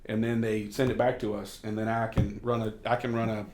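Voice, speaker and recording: A man's voice: on the low side, little pitch movement, a little fast, a little mellow, roomy sound, a little hiss or hum. A man serving as a state representative, from Kentucky, talking candidly in a casual sit-down conversation and telling stories. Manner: candid, storytelling, occasional cursing.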